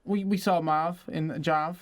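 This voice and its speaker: A young man trading jokes on a casual podcast. His voice sits a little high for a man. He teases his co-host and drops quick one-liners. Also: expressive. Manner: joking, teasing, quick quips. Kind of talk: casual chat.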